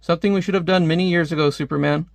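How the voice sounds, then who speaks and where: A clinical supercomputer reels off cold estimates and calculations, as a man reads its comic lines aloud. The delivery is matter-of-fact, a little high in pitch and dry. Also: fairly even intonation, racing, vocal fry, dry recording. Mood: calculating. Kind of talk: reading comic dialogue aloud.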